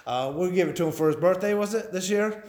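Man, pastor, sermon, fiery and pleading, folksy drawl, high voice, echoey church. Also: quick pace, a little mellow.

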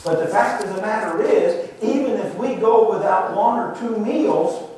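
An older man preaching a sermon, slow and emphatic, repeating phrases for emphasis, with the congregation answering now and then. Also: high-pitched, mellow. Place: church sanctuary. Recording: echoey room, distant mic, faint noise.

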